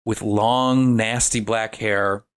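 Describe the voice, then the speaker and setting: A man's voice: lowish voice, fairly even intonation, slow, smooth. Casual man rambling through a recap. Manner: rambling, filler-heavy storytelling. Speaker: podcast guest recapping a film. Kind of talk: casual chat.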